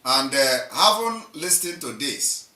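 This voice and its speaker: A man hosting an online live show, giving emphatic, repetitive commentary that swings between loud and soft. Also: on the high side, big pitch swings, slow pace, reverberant, recorded from a distance, rough recording.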